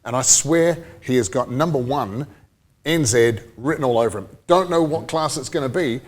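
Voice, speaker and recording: Chatty New Zealand podcast co-host. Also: male voice, medium pitch, moderate pace. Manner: chatty, rambling, laughs easily. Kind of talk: casual chat.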